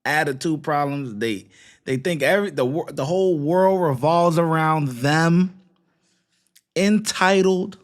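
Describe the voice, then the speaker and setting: Man, commentary host, opinionated, mocking, scolding, slightly higher pitch. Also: a little slow. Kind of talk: reaction commentary.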